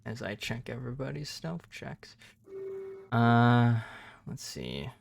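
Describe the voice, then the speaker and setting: A man running a tabletop game on a stream, narrating in an unhurried way with many pauses and fillers. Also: mid-range voice, big pitch swings, vocal fry, slight background noise. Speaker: game master.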